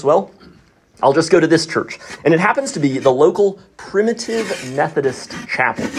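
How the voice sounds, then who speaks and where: Guy telling a story on a podcast, lively up-and-down voice, kinda higher pitched, noisy recording. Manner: animated storytelling. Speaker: guest storyteller. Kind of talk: casual storytelling.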